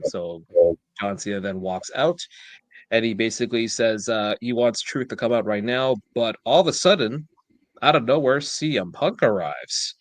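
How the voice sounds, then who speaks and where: A man's voice: mid-range voice, normal speed, no room sound. A man co-hosting a podcast, telling a casual storytelling recap of a wrestling show. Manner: storytelling recap, reads quoted lines aloud. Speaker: podcast co-host.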